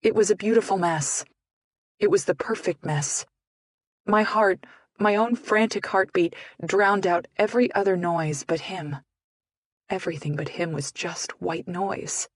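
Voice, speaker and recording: Low-pitched woman narrator for a romance audiobook, intimate and emotional, dry close sound. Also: unhurried, no room sound.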